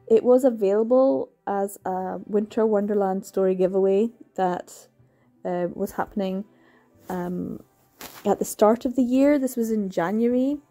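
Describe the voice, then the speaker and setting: A woman's voice: mid-range voice, dark tone. A woman, chatting casually and enthusiastically about books she has read, with lots of fillers and little laughs. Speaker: book reviewer. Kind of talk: casual chat.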